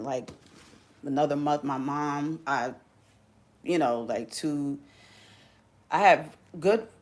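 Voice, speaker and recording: Low gravelly-voiced woman streamer. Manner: animated, slangy, talks straight to viewers. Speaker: live streamer. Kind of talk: casual livestream chat.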